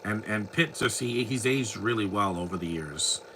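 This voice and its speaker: A man's voice: lowish voice, lively intonation, normal speed, sharp tone, slight background noise, low-quality recording. A man from the United States, hosting a casual live movie commentary, rambling and opinionated with many restarts.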